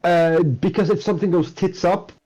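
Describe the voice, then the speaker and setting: A man playing in a tabletop game, chatting casually in a quick, eager way. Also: high voice, fairly even intonation, mellow, dull audio, soft background music. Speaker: player.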